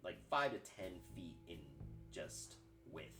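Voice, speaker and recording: A man's voice: sits low, big pitch swings, takes it slowly, music in the background. A man acting as game master, talking in a casual, rambling way with fillers and frequent laughs. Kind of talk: running a tabletop game.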